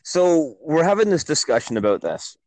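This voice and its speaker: A man's voice: a little high, big pitch swings, moderate pace, darkish tone, no echo, poor audio. A man co-hosting a podcast, telling a work story in casual chat with an exasperated manner. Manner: exasperated, storytelling with acted quotes. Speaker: podcast co-host, grocery store worker.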